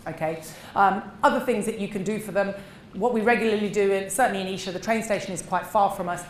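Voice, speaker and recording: A middle-aged woman, a dentist giving a seminar talk, animated and emphatic, acting out short exchanges. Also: medium pitch, fast. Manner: animated, acts out little dialogues, emphatic. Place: seminar room. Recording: echoey room with faint noise.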